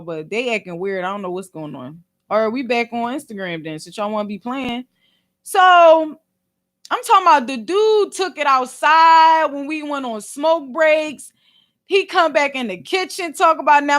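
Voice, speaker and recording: A woman's voice: high-pitched, sharp tone. A young woman with a Philadelphia accent, hosting a podcast livestream and telling a story in a chatty way, talking straight to her viewers. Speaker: podcast host. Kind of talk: casual livestream chat.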